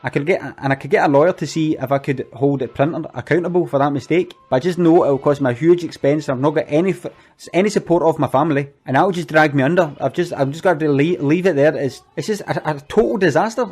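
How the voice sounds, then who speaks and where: A man's voice: fairly high pitch, quick pace, a little mellow, slightly rough, faint music behind. A man doing a stammering organiser. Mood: rueful. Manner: stammering, repeats words, earnest and apologetic. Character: anxious, flustered middle-aged male community event organiser. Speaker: event organiser. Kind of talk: comic monologue.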